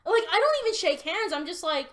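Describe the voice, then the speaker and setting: A young woman hosting a podcast, casually telling an animated story and swearing often. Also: very high-pitched, brisk. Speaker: podcast host. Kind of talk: casual chat.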